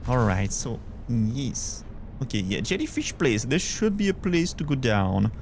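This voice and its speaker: A man's voice: medium pitch, sing-song, a little slow, creaky, noisy background. A young man with a Belgian French accent, chatting casually as he streams a game and answers his chat. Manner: chatty, thinks aloud, reads chat. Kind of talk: casual gameplay commentary.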